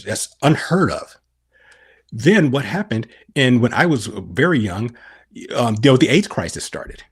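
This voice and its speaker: A man's voice: mid-range voice, breathy edge. A middle-aged man on a podcast explaining scripture, asking and answering his own questions. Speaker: podcast guest.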